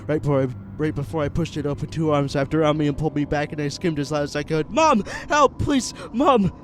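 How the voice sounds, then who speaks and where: A man narrating a first-person horror story in an earnest, halting way, with small restarts. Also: fairly high pitch, monotone, darkish tone, a little hiss or hum. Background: music.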